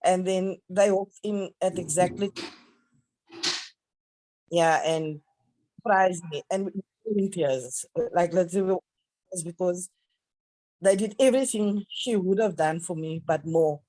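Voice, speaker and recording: A middle-aged woman speaking haltingly and tearfully as a grieving mother, heard over a video call. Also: on the low side, dry recording, low-quality recording. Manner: halting, tearful, soft-spoken. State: crying at times. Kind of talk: emotional conversation.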